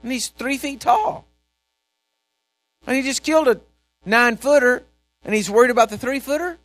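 Fired-up male preacher, high voice, repeats himself, big swings in volume, dry recording. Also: moderate pace, dry recording. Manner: animated, repetitive, swings from shouting to quiet asides. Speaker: pastor. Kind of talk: sermon.

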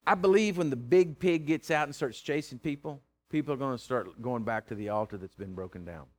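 A man preaching a sermon, folksy and teasing, swinging from loud to hushed. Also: mid-range voice, brisk. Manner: plain-spoken, folksy, teasing.

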